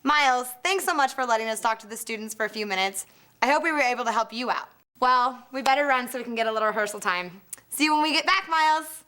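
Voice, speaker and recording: Bright high-voiced cheerleader woman. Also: lively intonation, fast. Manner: friendly, encouraging. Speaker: cheerleader speaking to students.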